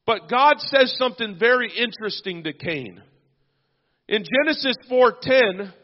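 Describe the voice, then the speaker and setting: A man with a high voice delivers a sermon at an unhurried pace, pausing on amens and hallelujahs. The sound is dull and lo-fi, with a long reverb trailing off the walls of a church. A pastor speaking to his congregation. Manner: preaching with frequent amens and hallelujahs. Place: church sanctuary.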